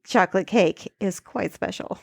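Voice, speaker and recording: A woman's voice: medium pitch, moderate pace, creaky, dry recording, studio quality. A woman co-hosting a comedy podcast, chatting in a profane, sarcastic, joking way. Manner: profane, sarcastic, playful, deadpan jokes. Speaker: podcast co-host. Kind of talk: casual comedic chat.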